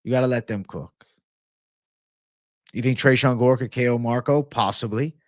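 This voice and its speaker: Brief: young male host, relaxed profane banter, dry close-mic sound. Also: mid-range voice, moderate pace, no room sound. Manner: profane, laid-back, reads chat aloud. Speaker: MMA show host. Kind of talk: casual livestream chat.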